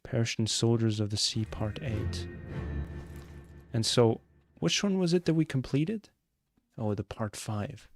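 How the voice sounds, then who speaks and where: A man's voice: mid-range voice, a little slow, soft background music. A young man streaming a mystery game live, chatting and joking with his viewers as he plays. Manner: chatty, joking, answers chat.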